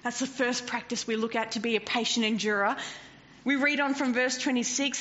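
A woman preaching a sermon in an animated way, swinging from loud to hushed and often laughing. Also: on the high side, a little fast. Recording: dull lo-fi recording with faint noise.

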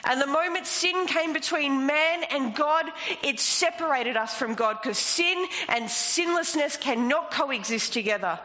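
A woman's voice: high voice, unhurried, few pauses, bright, forceful tone. A woman preaching a sermon, emphatic and rising into passionate declarations. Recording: long reverb, dull lo-fi sound, faint noise.

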